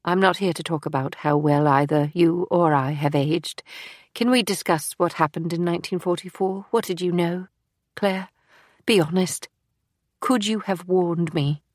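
A woman's voice: on the low side, moderate pace, dry recording, studio quality, close to an everyday voice. A woman reading the part of a former wartime agent who presses pointedly for answers in an audiobook. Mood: pressing.

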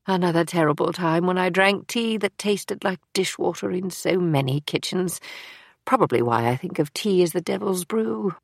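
A brisk older spymaster with a dry, matter-of-fact edge and a lowish voice, as a woman reads her in an audiobook. The recording is close and dry. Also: vocal fry, dry recording. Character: older woman, former wartime intelligence officer, brisk and wry. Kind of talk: audiobook character reading.

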